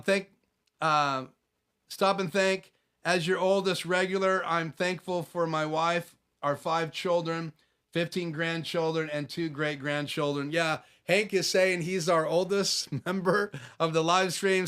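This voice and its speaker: A man with a voice a touch higher than usual hosts a relaxed live stream from his home office. He talks in a loose, chatty way, reading out viewer comments and answering each one. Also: clear, resonant tone. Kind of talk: casual live stream chat.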